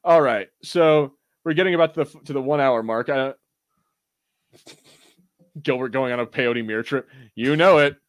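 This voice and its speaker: A man's voice: medium pitch, moderate pace, pauses often, no room sound. A young American man co-hosting a podcast in casual chat, laughing often and swearing casually. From United States. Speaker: podcast co-host.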